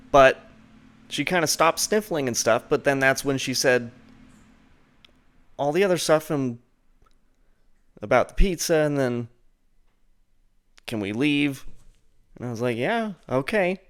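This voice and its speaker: A man hosting his own show, telling a rambling personal story full of "like" and "and then," putting on a higher voice to mock what others said. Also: normal speed, pauses often, smooth. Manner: mocks the friend's lines in a higher voice. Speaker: show host. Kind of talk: casual storytelling.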